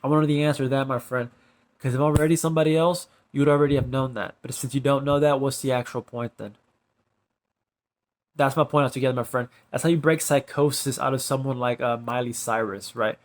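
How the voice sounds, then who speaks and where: A man rambling in a monologue to the camera, constantly tagging his sentences with "bro" and "right", and trailing off into quiet drawled asides. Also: mid-range voice, fairly even intonation, quick pace.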